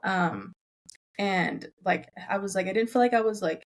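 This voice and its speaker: A woman's voice: mid-range voice, normal speed. A young woman from Southern California, a podcast guest chatting casually and filling her talk with "like". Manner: chatty, heavy use of "like", acts out family members' lines. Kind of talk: casual chat.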